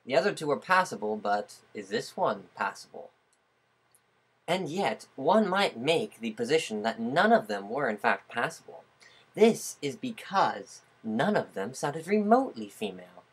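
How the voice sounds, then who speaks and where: Husky, playful speaker testing voices on a webcam. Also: medium pitch, big pitch swings, measured pace. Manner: playful, rhetorical, questions everything aloud. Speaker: vlogger. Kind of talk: casual webcam vlog, testing different voices.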